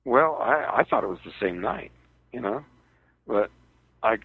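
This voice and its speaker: A man recounting a personal ordeal as an interview guest, in a halting, hesitant way, heard over a tinny phone line on radio. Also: medium pitch, lively intonation, vocal fry, slightly rough, dry recording.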